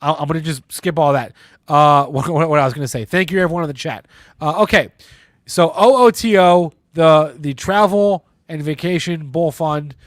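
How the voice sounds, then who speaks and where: A man's voice: fairly high pitch, moderate pace, no echo, studio quality. A man hosting a live market show, congested with a stuffy nose and rambling in a self-deprecating way. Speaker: livestream host.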